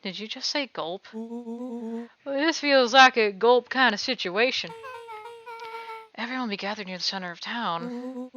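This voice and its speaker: A woman streamer playing a game live, joking and reading characters' lines aloud in an animated way. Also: on the high side, a little hiss or hum. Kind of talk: livestreamed game playthrough, reading dialogue aloud. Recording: slightly dull stream audio. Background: game music.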